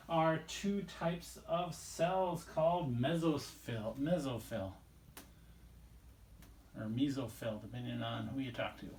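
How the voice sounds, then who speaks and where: A man with a fairly high-pitched voice teaches a recorded biology lesson, explaining casually and rambling a little as he draws and talks through the page. The room sounds echoey.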